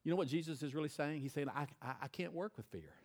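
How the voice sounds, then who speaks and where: A man preaching to his church congregation from the stage, his voice sitting a little high for a man. He moves between loud, emphatic bursts and sudden hushed, intense lines, speaking into a stage microphone. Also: lively intonation, quick pace. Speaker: pastor. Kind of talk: sermon.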